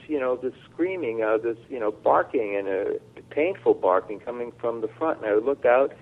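Radio guest, male, slow halting storyteller on a tinny phone line. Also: medium pitch. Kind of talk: telling a personal story on a radio show.

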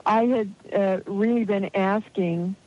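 A woman's voice: medium pitch, fairly even intonation, slow, dark tone. A woman relates a personal story in an interview and brings each person in it to life by quoting them. She laughs easily as she talks. Her voice comes through a muffled, narrow-band call line. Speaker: guest, healer.

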